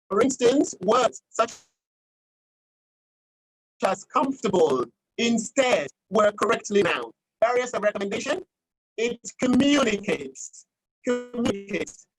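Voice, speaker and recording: A woman giving a formal grammar and pronunciation report over a video call, speaking in a deliberate, pedantic, corrective way. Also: medium pitch, poor audio. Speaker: grammarian at a club meeting.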